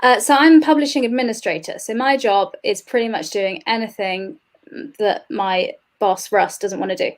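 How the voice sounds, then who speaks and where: A woman's voice: mid-range voice, normal speed. A young woman chatting as an interview guest. She talks easily, laughs often and fills gaps with "um" and "uh". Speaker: guest, games industry administrator. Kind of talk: casual interview chat.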